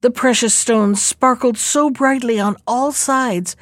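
Female storyteller, calm and measured, fairly high voice, dry close recording. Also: dry recording. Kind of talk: fairy tale narration.

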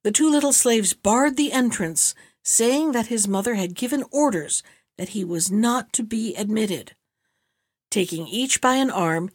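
Woman with a steady storytelling voice. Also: fairly high pitch, no room sound, studio quality. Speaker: narrator. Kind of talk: audiobook reading.

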